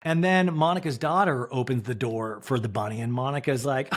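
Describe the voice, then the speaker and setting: A man from Kansas hosting a podcast, recapping a reality TV episode in casual, animated talk and acting out the cast members' lines in mock voices. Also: mid-range voice, brisk. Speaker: podcast host.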